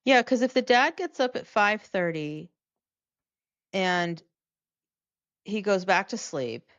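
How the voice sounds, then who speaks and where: A woman co-hosting a podcast in casual chat, relaxed and agreeable. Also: medium pitch, slow. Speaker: podcast co-host. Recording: dry, dull lo-fi sound.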